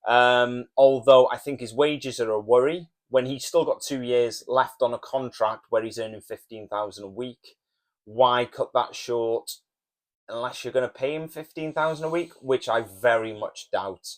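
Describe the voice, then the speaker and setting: A man hosting a podcast, explaining in a measured, steady way. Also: medium pitch. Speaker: podcast host. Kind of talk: casual podcast chat.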